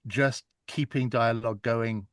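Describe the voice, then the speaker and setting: A man, an audiobook narrator chatting in an interview, telling stories in a lively, animated way. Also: mid-range voice, a little slow, no echo, studio quality. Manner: chatty, animated storytelling with laughs. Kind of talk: casual interview chat.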